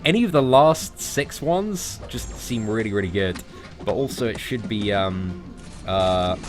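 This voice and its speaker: A young man casually commentating his mobile game live, chatty and jokey, thanking viewers as he plays. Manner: chatty, jokey, lively pitch jumps when excited. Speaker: gaming livestream host. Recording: faint music behind.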